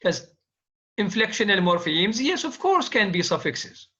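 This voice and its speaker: Male lecturer, slow and repetitive, drills students with questions, high voice. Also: very animated, pushed and bright. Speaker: university linguistics lecturer. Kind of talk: classroom lecture. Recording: dull lo-fi classroom recording.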